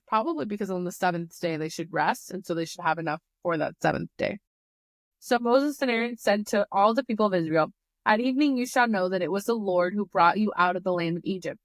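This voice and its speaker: A young woman reads scripture aloud in a relaxed study session, then drops into quick, sarcastic commentary between the verses. Her voice sits in an ordinary middle range, recorded close and dry with no room sound. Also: mid-range voice, no room sound. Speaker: Bible study host. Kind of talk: casual Bible reading with commentary.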